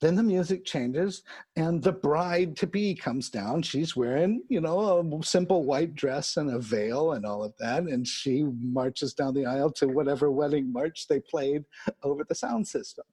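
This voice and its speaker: A man's voice: fairly high pitch, a little slow, mellow, breathy edge. A man telling a long funny story in casual chat, laughing often and repeating words as he builds it up. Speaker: storyteller guest. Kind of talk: casual anecdote.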